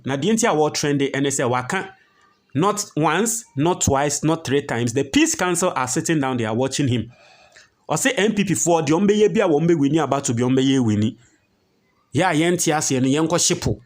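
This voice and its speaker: Lively high-voiced Ghanaian man. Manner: emphatic, reads documents aloud and explains them. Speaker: political commentary host. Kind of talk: news commentary.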